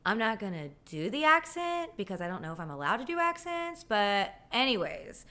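Woman host, animated pitch swings, casual comedic storytelling. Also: normal speed. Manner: animated, sassy and self-deprecating. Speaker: podcast host.

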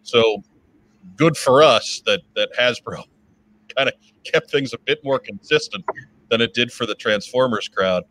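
A man's voice: medium pitch, unhurried, fairly bright tone. A man co-hosting a casual podcast, upbeat, reading listener letters aloud. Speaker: podcast co-host.

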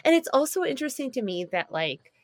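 A woman's voice: sits high, very animated, fast, no room sound, studio quality. A woman co-hosting a casual chat, talking freely with many fillers and restarts. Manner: chatty, lots of fillers and restarts. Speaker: podcast co-host. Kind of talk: casual chat recapping a reality show.

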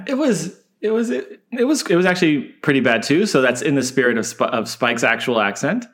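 A man's voice: on the high side, expressive, moderate pace. A man co-hosting a casual podcast, teasing the others and restarting his sentences with chuckles. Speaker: podcast co-host. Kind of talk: casual chat.

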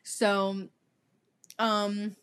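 A young woman co-hosting a podcast, telling a story in casual chat, animated, swearing freely and laughing often. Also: medium pitch, extremely slow, smooth. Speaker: podcast co-host.

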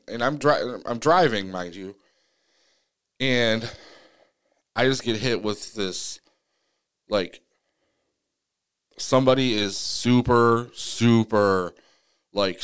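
A man on a podcast telling a personal story in casual, earnest talk, acting out his own side of the exchange. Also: clear, resonant tone. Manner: animated retelling, acting out his own pleas in a higher voice; earnest, many restarts and fillers. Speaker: podcast co-host.

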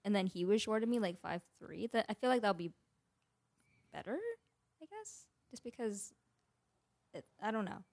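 A hesitant young woman on a casual podcast, hedging her thoughts with plenty of filler words. Her voice is mid-pitched and recorded dry and close. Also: normal speed, pauses often, darkish tone, no room sound. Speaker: podcast co-host. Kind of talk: casual chat.

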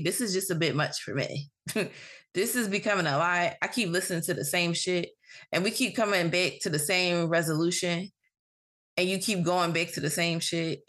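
A woman's voice: lowish voice, a bit bright. Blunt, swearing woman podcast host. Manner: blunt, frank, swears freely. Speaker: podcast host giving advice. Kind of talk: casual advice monologue.

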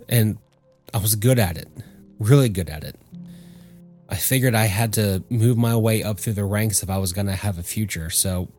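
A man voicing a worn-down, grieving military commander who speaks softly and haltingly. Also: on the low side, close to an everyday voice. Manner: soft, halting, stammering.

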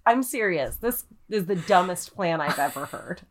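A woman's voice: lowish voice, expressive, normal speed. A woman co-hosting a podcast, reacting to a crime story with outraged, joking, profane remarks. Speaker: podcast co-host listening. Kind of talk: casual chat.

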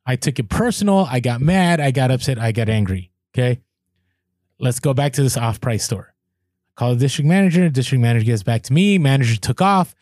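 Animated man telling a story, dry mic. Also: mid-range voice, brisk, dry recording. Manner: animated, acts out quoted people, voice jumps up in exasperation. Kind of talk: casual storytelling chat.

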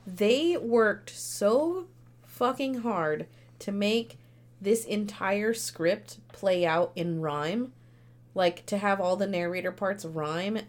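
A young woman co-hosting a podcast, chatting casually and enthusiastically with some swearing. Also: mid-range voice. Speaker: podcast co-host.

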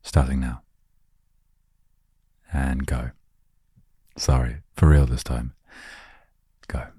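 Very deep, slow, husky male voice. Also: little pitch movement, no room sound, studio quality. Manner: gentle, self-deprecating, meandering. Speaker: host of a relaxation word show. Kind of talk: soft, rambling relaxation talk. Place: inside a van. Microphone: studio microphone, close.

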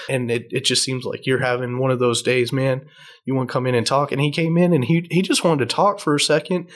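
A man's voice: mid-range voice, fairly even intonation, quick pace. A man, a tea shop owner, earnestly telling customer stories in a podcast interview. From Texas. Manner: earnest storyteller, frequent restarts.

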